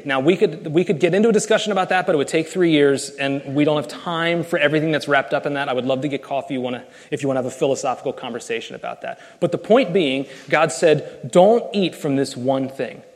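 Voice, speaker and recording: Male pastor, earnest emphatic sermon, fairly high voice, long church reverb. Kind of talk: sermon with scripture reading. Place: church sanctuary.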